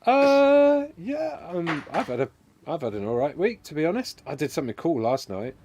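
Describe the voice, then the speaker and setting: A man on a podcast spinning a tall tale with a straight face, his voice sitting a little high. He gets suddenly loud at the dramatic beats, then drops back to a mutter. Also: normal speed, a little hiss or hum. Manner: animated, deadpan tall-tale telling with sudden jumps in volume. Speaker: podcast co-host. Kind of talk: comic storytelling on a podcast.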